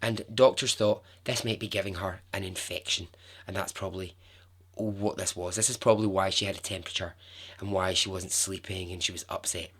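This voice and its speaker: A man's voice: deep voice, brisk, slightly rough. Chatty man telling a story. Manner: chatty, expressive, with asides. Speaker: podcast host. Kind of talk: casual podcast storytelling.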